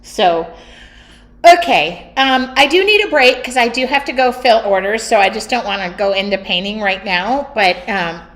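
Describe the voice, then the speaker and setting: A middle-aged woman hosting her art studio livestream, chatting casually and laughing often in a loud, talkative way. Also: mid-range voice, lively intonation, normal speed. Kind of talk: casual chat during a livestream.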